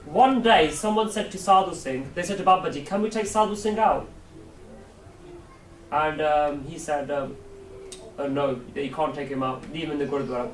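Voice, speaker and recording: Male preacher, high voice, animated storyteller, recorded from across an echoey hall. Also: normal speed. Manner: animated storyteller, asks audience questions, acts out voices. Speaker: Sikh preacher. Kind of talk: storytelling talk to youth camp. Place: large hall at a camp. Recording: echoey hall, mic far off, faint hiss.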